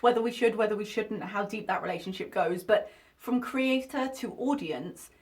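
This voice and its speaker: A woman hosting a reaction video, commenting in a sarcastic, exasperated way and swearing freely. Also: medium pitch.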